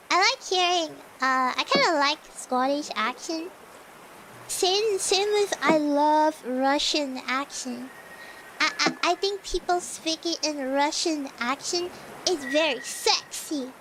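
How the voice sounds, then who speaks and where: A woman's voice: high-pitched, slow. A woman streaming casually, rambling playfully with lots of "you know" and "like", coughing often between phrases. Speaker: virtual streamer. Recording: clear background noise.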